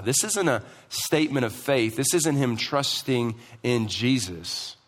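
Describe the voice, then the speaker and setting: A man's voice: medium pitch, lively intonation, a little slow. A man preaching a sermon as pastor, emphatic and asking the congregation questions, in a church hall. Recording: long hall reverb.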